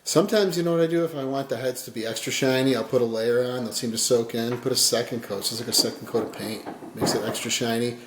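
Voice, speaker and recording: A man giving a casual fly tying tutorial, rambling and folksy, his voice often dropping quiet as he works. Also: mid-range voice, steady tone, fast talker, hardly any pauses, reverberant, noisy background.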